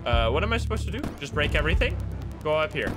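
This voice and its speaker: A man's voice: fairly high pitch, very animated, fast, over music. A man casually commentating a video game livestream, self-mocking and swearing often. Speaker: streamer playing a video game.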